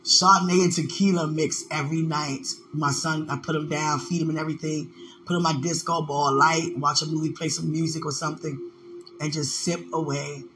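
A woman's voice: low voice, fairly even intonation, normal speed, background noise. A woman in a casual spiritual vlog, speaking emotionally and prayerfully, tenderly addressing unseen listeners.

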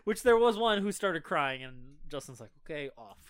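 A young man telling work stories in casual chat, animated and full of "like" and "dude". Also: high-pitched, moderate pace. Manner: animated, lots of "like" and "dude", laughs through stories. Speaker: ride operator, co-host of the chat.

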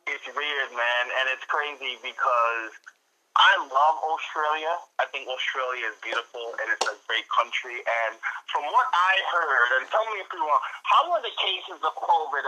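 A man's voice: medium pitch, moderate pace, bright, forceful tone, rough recording. A man co-hosting a podcast in casual chat, eager and hesitant with frequent ums. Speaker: podcast co-host.

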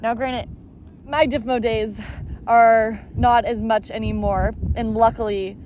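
A young woman talks as a podcast guest, playful and enthusiastic, with a fairly high voice. She is recorded outdoors. Planes and traffic are clearly heard behind her. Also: steady tone, slow, a little mellow. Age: 20s. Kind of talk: casual podcast chat. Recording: outdoor noise with passing planes.

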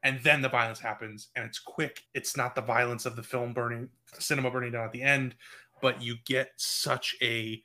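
A man's voice: mid-range voice, level tone, bright, forceful tone. A man co-hosting a casual movie-review podcast, talking through a scene with enthusiasm and laughing often. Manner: enthusiastic, quick to laugh, thinks aloud. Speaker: podcast co-host.

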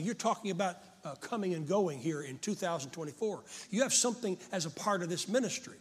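An older man preaching a fervent sermon to a congregation, often rising to shouts. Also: sits high, expressive, a little fast, hardly any pauses. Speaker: pastor.

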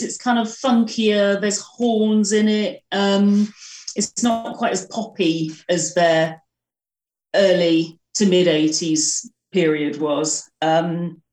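A woman's voice: medium pitch, a little mellow. Woman, guest, eager music chat, roomy, distant from mic. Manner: quick, enthusiastic music talk. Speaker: guest presenter. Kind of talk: casual chat.

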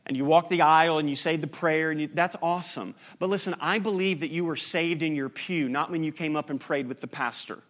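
A man preaching a sermon, his voice sitting a little higher than most men's. He talks casually and conversationally to his congregation, then swells into fervent, impassioned preaching. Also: fairly even intonation, a little fast, few pauses, fairly bright tone. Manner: conversational, building to impassioned climax. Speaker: pastor.

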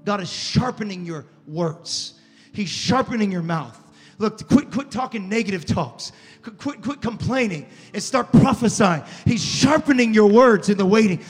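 A male pastor preaching a fervent sermon to a congregation, dropping to a hush and then rising to shouts. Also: high-pitched, animated, normal speed, husky, big-room sound, soft background music. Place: church sanctuary before a congregation.

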